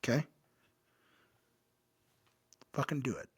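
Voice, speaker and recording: A man co-hosting a podcast in casual chat, loud and joking, with a lot of swearing. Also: takes it slowly, background noise. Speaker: podcast co-host. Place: home podcast studio.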